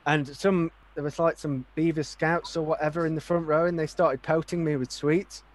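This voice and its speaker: A man's voice: fairly high pitch, level tone, moderate pace. An actor answering interview questions, hesitant and wry, thinking aloud as he goes. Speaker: actor, regular host. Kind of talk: casual podcast interview.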